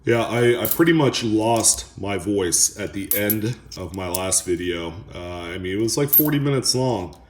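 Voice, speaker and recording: A man hosting a coin roll hunting video, chatting casually and haltingly to viewers as he sorts coins. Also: fairly low pitch, expressive, a little hiss or hum. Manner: rambling, halting, talks to viewers. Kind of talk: casual chat while sorting coins. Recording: echoey room with coin clinking.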